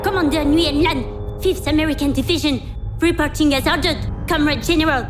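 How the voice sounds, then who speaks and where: Lady doing a cold enemy commander, formal and clipped, highish voice. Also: fairly quick, over music, close to an everyday voice. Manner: formal, clipped military reporting.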